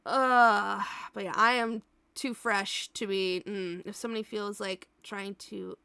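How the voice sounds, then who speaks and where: A woman's voice: mid-range voice, measured pace, bright, forceful tone, clear, resonant tone, dry recording. A young adult woman streaming live, chatting casually with viewers in a blunt way, swearing freely and laughing often.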